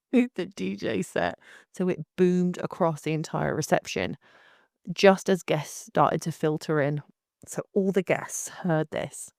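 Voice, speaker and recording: A woman wedding photographer telling a story and ranting to camera in a lively, exclaiming way. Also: on the low side, creaky, no room sound, studio quality. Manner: animated, exclaiming, laughs through the story. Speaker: wedding photographer, channel host. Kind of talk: casual storytelling and rant to camera.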